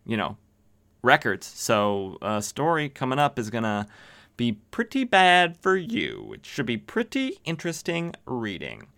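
A man's voice: mid-range voice, wildly swooping pitch, a little slow, vocal fry, a bit bright, heavily acted. A man voicing a confident female reporter taunting a crook.

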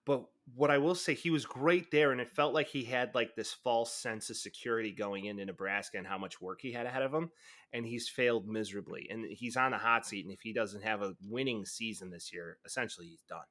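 A man's voice: lowish voice, a little fast, fairly bright tone. A young man co-hosting a casual sports podcast, rambling and laid-back, with lots of fillers. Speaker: podcast co-host.

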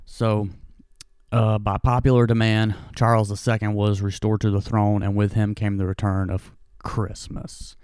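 A man's voice: on the low side, little pitch movement, measured pace, darkish tone, clear, resonant tone, no room sound, studio quality. A man giving a casual, rambling history talk, full of fillers and jokey asides.

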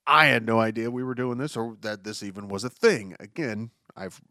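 In a no-echo, studio-quality recording, a man with a mid-range voice speaks at a moderate pace with a pushed, bright delivery. He's hosting a solo podcast of casual news commentary, reading stories and ranting about them profanely and with exasperation, often restarting his sentences.

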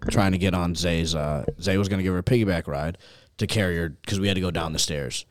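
A young man hosting a casual chat, telling a rowdy night-out story in an animated, profane way and laughing along as he goes. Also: low voice, quick pace, no echo, studio quality. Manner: animated, profane, laughs through his stories.

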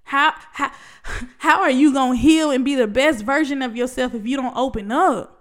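High-voiced woman preaching to her viewers. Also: moderate pace. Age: adult, past college. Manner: emotional, preachy, addresses listeners as baby and y'all. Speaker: vlogger. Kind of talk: heartfelt motivational talk to camera.

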